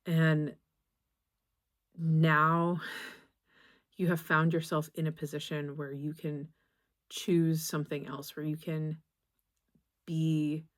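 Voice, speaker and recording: A young woman giving a tarot reading to camera, gentle and reassuring, halting often and restarting her phrases. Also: sits low, flat delivery. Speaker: tarot reader.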